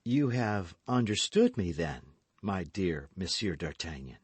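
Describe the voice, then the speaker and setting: Scheming noblewoman, cold and vindictive, coaxing lilt, slow and deliberate, raised voice from a male reader, audiobook. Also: deep voice, big pitch swings, breathy edge, no room sound, full character voice. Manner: coaxing, calculating.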